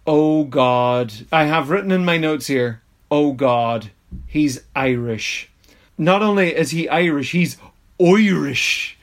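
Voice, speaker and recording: Chatty man, slightly high voice. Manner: rambling, chatty, mock-exasperated, laughs often. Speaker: podcast host reviewing an episode. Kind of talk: casual recap commentary.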